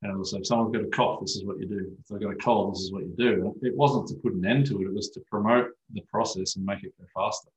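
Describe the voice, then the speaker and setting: A man's voice: lowish voice, fairly even intonation, fast talker, hardly any pauses, reverberant, low-quality recording. A man speaking as an osteopath guest in casual podcast chat, telling stories animatedly and swearing freely.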